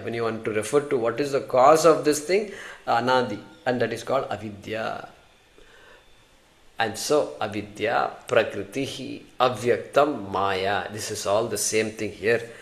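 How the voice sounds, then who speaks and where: A man with an Indian accent teaching a scripture class. He talks conversationally, asks the class questions and answers them himself, and recites Sanskrit terms and verses. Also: on the low side. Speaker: Vedanta teacher.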